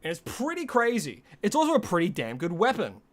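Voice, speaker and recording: Still getting over a headache, this game streamer chats casually with viewers, greeting them by name and drifting into loose asides about his setup. His voice sits high with wildly swooping pitch, he talks briskly, and faint music plays behind him.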